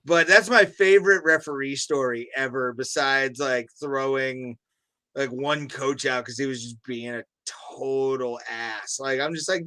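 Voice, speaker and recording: Young male co-host, bright and animated, loose profane storyteller. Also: mid-range voice, measured pace, clean tone. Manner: animated storyteller, swears freely. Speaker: podcast co-host. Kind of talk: casual chat.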